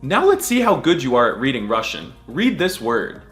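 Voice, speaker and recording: A man's voice: mid-range voice, huge pitch swings, moderate pace, a bit bright, soft background music. A young man giving comic scripted narration in a mock-serious, crude style, breaking into silly repeated sounds. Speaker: comedic video narrator.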